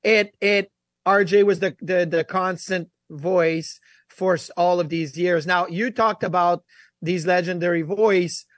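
Brief: male sports radio host, higher pitch, lively and quick, dry studio mic. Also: dry recording. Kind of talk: casual sports talk.

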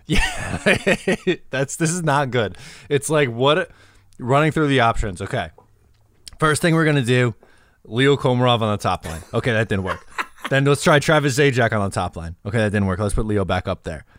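A man hosting a casual sports podcast, relaxed and conversational, laughing easily. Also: mid-range voice, moderate pace, no echo, studio quality. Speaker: podcast host.

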